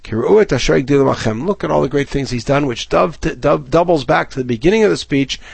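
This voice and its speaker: A man's voice: fairly high pitch, lively intonation, fast talker, creaky, slightly rough, no room sound. A man giving a Bible lesson, reading Hebrew verses aloud and then explaining them in English. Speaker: Bible teacher. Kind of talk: recorded Torah lesson.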